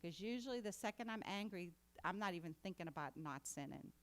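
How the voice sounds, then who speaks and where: A woman's voice: on the low side, lively intonation, fairly quick. A woman preaching a sermon in a conversational way that builds to emphatic exhortation. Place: congregation meeting hall.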